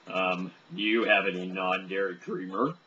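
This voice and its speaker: A man putting on a deep, overly polite phone voice, smooth and courteous. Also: fairly even intonation, moderate pace, bright, forceful tone. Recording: dull lo-fi recording.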